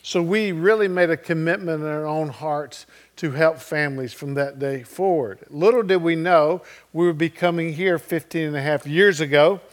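A middle-aged male pastor preaching in a chatty, storytelling manner, pitched a little high for a man. He keeps checking in with the congregation. His delivery swings between loud and hushed. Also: normal speed, hardly any pauses. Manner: conversational storytelling, checks in with listeners. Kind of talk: sermon.

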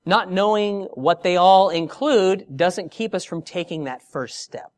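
A man's voice: sits high, unhurried. Emphatic preaching man. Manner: expressive, emphatic preaching with rhetorical questions. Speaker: pastor. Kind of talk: sermon.

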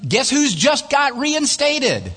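A man's voice: medium pitch, big pitch swings, rapid-fire, fairly bright tone, husky, big-room sound. A man voicing an easygoing male surgeon who is casually unworried.

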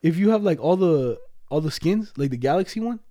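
A man in casual, profane chat, telling fast stories and acting out the people in them. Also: fairly high pitch, animated, dark tone, no echo, clean studio sound. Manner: fast, profane storytelling, mimics people he quotes.

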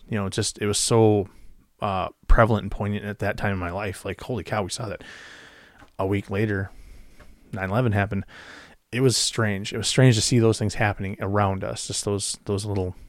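A middle-aged man who used to be a radio DJ shares weird stories from his past in an easygoing, chatty way. The studio-quality recording has no echo, his voice is on the low side, and his speech is peppered with fillers and restarts.

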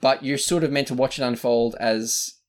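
A man's voice: mid-range voice, fairly even intonation, normal speed. An Australian man co-hosting a casual podcast, rambling through a movie review with lots of fillers and restarts. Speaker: podcast co-host.

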